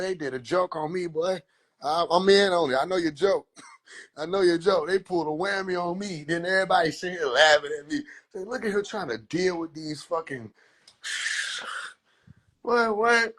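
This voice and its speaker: A young man telling a rambling, profane story on a phone live stream, acting out the other voices. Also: a little high. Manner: animated, acts out quoted voices, slangy, profane. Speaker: livestreamer. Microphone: phone mic.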